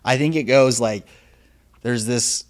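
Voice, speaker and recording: A man's voice: medium pitch, measured pace. A man in his thirties hosting a casual interview, talking loosely with lots of "dude" and "like". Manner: casual, says "dude" and "like" a lot. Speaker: podcast host.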